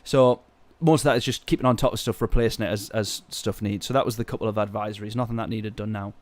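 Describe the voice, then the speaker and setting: A man streaming a racing game, telling a story in a ranting, exasperated way with sudden loud outbursts. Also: fairly low pitch, fairly even intonation, fast talker, no room sound. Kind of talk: casual live-stream chat.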